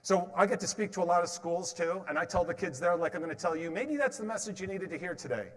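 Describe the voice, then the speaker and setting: A man's voice: sits high, animated, quick pace, a bit bright. A man in his fifties giving a motivational stage talk, telling stories and quizzing his audience with questions and jokes. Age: 50s. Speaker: motivational speaker. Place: large hall with an audience. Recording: long reverb of a large hall.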